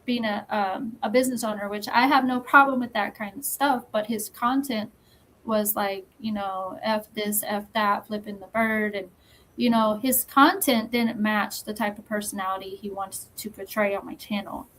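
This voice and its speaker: A woman talking as a podcast guest, telling a story in a measured, firm way with pauses. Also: medium pitch, steady tone, a bit bright, slight background noise, poor audio. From Texas. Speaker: podcast guest, magazine founder. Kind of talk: casual interview chat.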